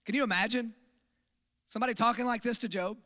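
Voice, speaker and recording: Guy preaching in church, high bright voice, chatty but punchy, big echoey sanctuary. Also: fairly even intonation, quick pace. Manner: conversational, emphatic, asks the audience for agreement. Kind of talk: sermon. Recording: long hall reverb.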